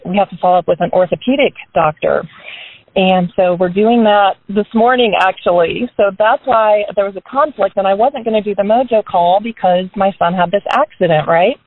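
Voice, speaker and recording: A woman's voice: lowish voice, no echo. A woman giving a casual, upbeat motivational talk to her business team on a group call from a parked car, leaning on tag questions as she talks. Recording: dry, tinny phone-line sound.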